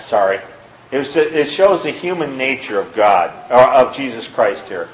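In a rough recording, a man preaches informally as a lay preacher, conversational in tone as he reads passages of scripture aloud. He speaks expressively at a moderate pace, his pitch rising when he drives a point home.

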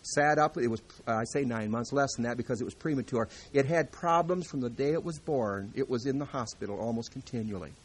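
A man preaching a sermon, moving from quiet, confiding talk to loud, emphatic scripture reading. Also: mid-range voice, a little fast, few pauses, husky.

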